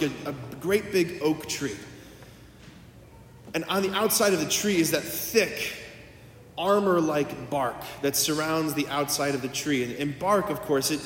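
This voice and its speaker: A man's voice: a little high, a little hiss or hum. A man, a priest, delivering a homily in a conversational storytelling manner, acting out quoted dialogue. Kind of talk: sermon. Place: church. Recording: echoey church from a distance.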